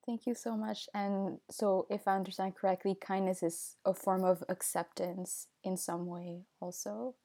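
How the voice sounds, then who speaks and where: A woman's voice: medium pitch, level tone, measured pace, few pauses, dark tone. A woman interviewer asking long, careful questions.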